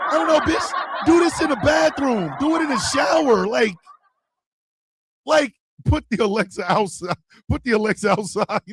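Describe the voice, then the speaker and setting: A man hosting a radio talk show, giving comedic advice in a loud, profane voice and often shouting. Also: very high-pitched, expressive, normal speed, background noise.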